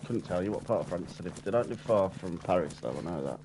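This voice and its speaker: A man's voice: low-pitched, lively intonation, fast, noisy background. A man chatting over gameplay with a friend, blunt and dry in his banter. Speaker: gaming co-player. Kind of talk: casual chat over gameplay.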